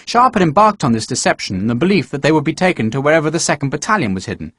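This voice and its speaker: A man narrating an audiobook with a steady, measured reading. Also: fairly high pitch, no room sound, clean studio sound.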